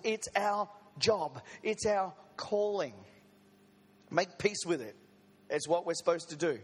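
A man delivers a sermon in a fairly high voice. He keeps it conversational and throws in light jokes to his listeners. The sound carries the long reverb of a church hall. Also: slow pace, slightly rough. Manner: conversational, with joking asides to the congregation. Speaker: preacher. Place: church service.

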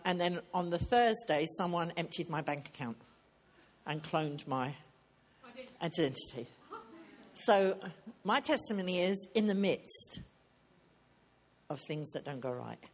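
A woman's voice: low voice, expressive, a little slow, pauses often. A woman preaching at a women's retreat, speaking earnestly and conversationally, and repeating key lines for emphasis. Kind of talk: sermon.

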